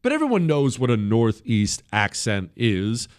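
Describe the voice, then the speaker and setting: Talk radio guy ranting about politics, casual and blunt, big jumps up then drops low, dead dry booth. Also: huge pitch swings, measured pace, clean tone, no echo. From United States. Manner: blunt, conversational, swinging between punchy highs and low asides. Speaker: radio talk show host.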